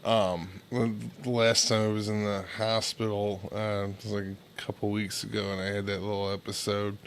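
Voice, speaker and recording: A man co-hosting a casual online talk show, telling a story haltingly with swearing and laughter. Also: on the low side, level tone, a little hiss or hum. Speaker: podcast co-host. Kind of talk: casual chat.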